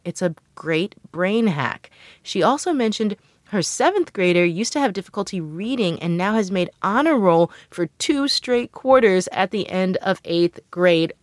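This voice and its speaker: A woman's voice: fairly low pitch, no echo, studio quality. A woman co-hosting a show, chatting casually with lots of fillers. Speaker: co-host. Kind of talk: casual chat.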